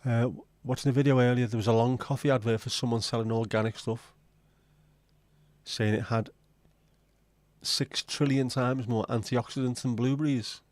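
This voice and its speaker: A man's voice: medium pitch, steady tone, moderate pace, darkish tone, no echo. A man hosting a livestream, chatting casually and rambling from one joke to the next as he addresses his viewers. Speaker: livestream host.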